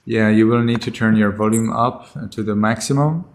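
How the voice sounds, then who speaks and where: A man's voice: fairly low pitch, steady tone, moderate pace, slight background noise. A man teaching a children's class over a video call, patiently repeating his questions.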